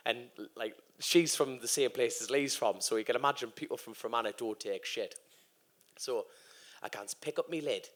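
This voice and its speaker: A man in his thirties, a guest racer, is on stage at a live podcast event telling a long anecdote full of swearing and doing the voices of the people in it. His voice sits at a medium pitch with a fairly bright tone and lively intonation, and he speaks at a normal speed.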